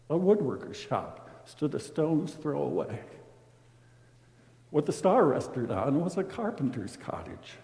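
Male storyteller reading verse with drama and a mellow, unhurried delivery. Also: mid-range voice, gravelly. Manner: expressive, dramatic swings in loudness. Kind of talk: rhyming storybook narration. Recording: roomy with long reverb.

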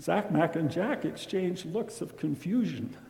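Male storyteller reading verse with drama and a mellow, unhurried delivery. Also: high-pitched, creaky. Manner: expressive, dramatic swings in loudness. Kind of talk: rhyming storybook narration. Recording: roomy with long reverb.

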